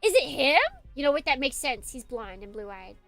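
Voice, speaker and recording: A woman's voice: high-pitched, normal speed, soft background music. A woman streamer giving casual let's play commentary in a joking, giggly way. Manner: giggly, joking, animated asides.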